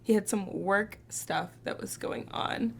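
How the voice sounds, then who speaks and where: A woman's voice: medium pitch, a little slow, gravelly, slightly rough. A woman guest on a dating show talking casually, rambling with lots of fillers. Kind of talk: casual chat.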